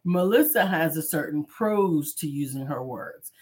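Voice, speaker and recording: A woman co-hosting a casual livestream chat, who talks in a thoughtful, measured way and builds her points slowly. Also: low voice, expressive, a little mellow, slightly rough.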